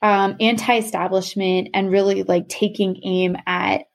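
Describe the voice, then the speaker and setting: A young adult woman chats with her podcast co-host, explaining a topic and scattering "um" and "like" everywhere. Her medium-pitched voice is gravelly, her delivery flat and a little slow.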